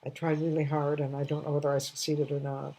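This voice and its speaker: A woman in her eighties telling a personal story at home, in a halting way with restarts and soft trailing phrases. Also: low-pitched, level tone. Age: 80s. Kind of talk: casual storytelling monologue.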